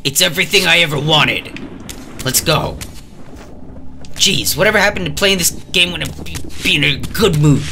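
A man giving gameplay commentary, sarcastic and frustrated, yelling at the game. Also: fairly high pitch, moderate pace, pauses often, slight background noise. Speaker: let's play gamer. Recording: game music behind the voice. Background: game music.

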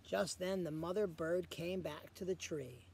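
A man reading a picture book aloud to children as a guest reader, pausing often to ask the children questions. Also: fairly high pitch, gravelly, darkish tone, husky.

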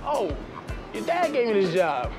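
An actor playing a laid-back young male banana stand worker with easygoing salesman patter, over loud music. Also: high-pitched, sing-song, measured pace. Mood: breezy.

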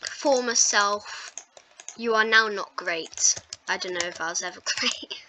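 A woman's voice: mid-range voice, a little slow, very noisy. A woman hosting a gaming video, chatting casually and rambling with self-mocking asides while she plays. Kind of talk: casual gameplay commentary.

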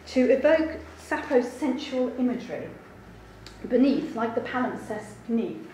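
Woman, academic lecture, higher voice, heavy room echo, faint hiss, thoughtful, hedging ums. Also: expressive, a little slow, warm tone. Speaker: translator giving a seminar talk.

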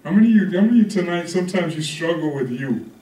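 A pastor preaching a conversational sermon, often checking in with the congregation. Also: male voice, on the high side, animated, very fast, mellow, a little hiss or hum. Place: church hall. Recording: echoey room from a distance.

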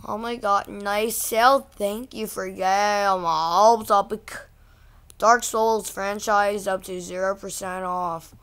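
A woman's voice: mid-range voice, steady tone, a bit bright, smooth. A woman hosting a casual vlog, reacting to things online in a ranting, exasperated way. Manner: ranting, easily exasperated, slow-talking. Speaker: channel host.

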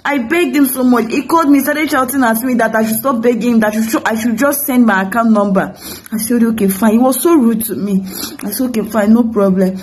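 A woman's voice: on the high side, fairly quick, a little mellow, slight background noise, low-quality recording. A young woman with a Nigerian English accent, a film producer, tearfully pleading into the camera, repeating herself as she begs. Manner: pleading, repetitive, breaking into tears. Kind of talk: emotional direct-to-camera appeal.

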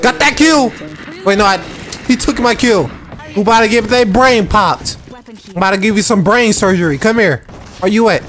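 A gamer giving excited, trash-talking commentary while playing a shooter game. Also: mid-range voice, a little hiss or hum. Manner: hyped, whooping, trash-talking. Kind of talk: live gameplay commentary. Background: faint game music and gunfire.

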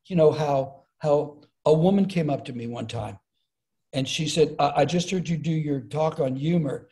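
A man's voice: fairly high pitch, normal speed. A middle-aged man, a comedian, telling stories in conversation and acting out the voices he quotes. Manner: animated, acts out quoted voices. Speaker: comedian and speaker, podcast guest. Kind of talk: storytelling in conversation.

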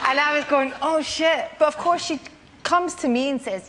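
A Scottish woman telling a lively anecdote as a guest on a chat show. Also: sits high, moderate pace, slight background noise. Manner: lively storytelling, laughing between lines.

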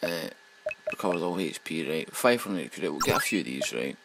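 A man with a Scottish accent giving sweary, excitable let's play commentary as he plays a game. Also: very deep voice, fairly quick, background noise.

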